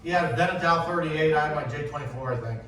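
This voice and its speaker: A man with a fairly high voice gives a casual sailing lesson, telling stories and mimicking rivals who shout at him. He sounds far from the mic, in a very echoey room with faint hiss underneath. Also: quick pace. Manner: anecdotal, acts out shouting sailors in quotes. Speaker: sailing instructor. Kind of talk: casual classroom talk on racing rules.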